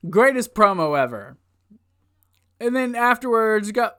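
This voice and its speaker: Excitable man recapping old wrestling. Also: sits high, moderate pace, clean tone. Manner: excitable, laughs often, rambling asides. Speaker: wrestling show reviewer. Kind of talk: casual recap commentary.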